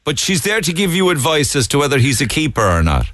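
A man's voice: fairly high pitch, very animated, quick pace, fairly bright tone. A man hosting a radio interview, teasing and laughing with his guests. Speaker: radio host.

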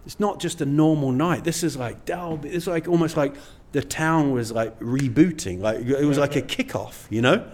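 A man's voice: a little high, moderate pace, hardly any pauses, darkish tone. A middle-aged man, a stand-up comedian, chatting casually as an interview guest in a rambling, self-deprecating way. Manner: rambling, self-deprecating, many "you know"s.

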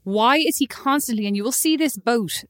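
A woman's voice: on the high side, normal speed. An Irish woman co-hosting a podcast, chatting casually with blunt, sarcastic teasing. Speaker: podcast co-host. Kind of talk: casual chat.

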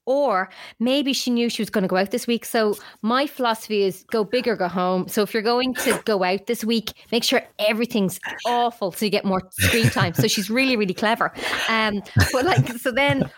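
A woman's voice: a little high, fairly quick. A woman co-hosting a podcast, telling stories in a chatty, giggly way. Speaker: podcast co-host. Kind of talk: casual chat.

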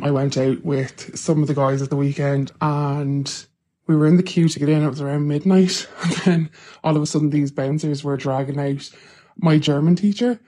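A woman with a mellow, warm tone leaves a voice note for a podcast. She tells a lively anecdote about her school days. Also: deep voice. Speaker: listener sending a voice note. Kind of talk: storytelling voice note.

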